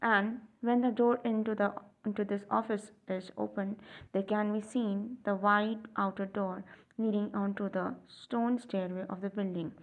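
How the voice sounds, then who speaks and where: A woman's voice: mid-range voice, little pitch movement, normal speed, phone-quality sound. A woman reading a stage play aloud for learners, including its stage directions, with small slips. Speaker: audiobook reader.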